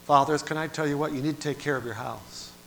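A man preaching with a bright, forceful voice that sits a little high for a man. He swings between hushed, low lines and loud, dramatic cries. Faint noise hums behind him. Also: fast talker, gravelly. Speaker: pastor. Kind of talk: sermon.

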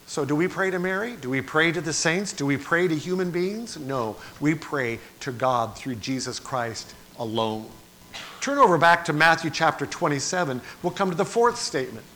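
A man preaching a sermon, moving from quiet, low passages to loud, dramatic cries. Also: lively intonation, normal speed. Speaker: pastor.

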